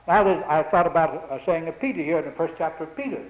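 A man preaches in a high voice, swelling into emphatic peaks and repeating key phrases. The sound is dull and lo-fi, with plenty of room echo around him, like an old church tape. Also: fast talker. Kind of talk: sermon. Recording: muffled roomy old church recording.

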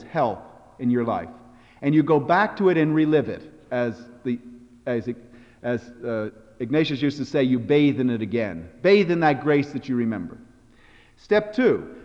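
A man preaching a sermon, telling stories with a varied, expressive delivery. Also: a little high. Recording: dull sound with long hall reverb.

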